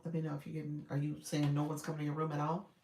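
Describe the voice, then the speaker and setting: A woman's voice: low voice, monotone, very fast, mellow, echoey room, a little hiss or hum. A woman coaching new live streamers in a casual, chatty way, laughing often and restarting her sentences. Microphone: live-stream setup.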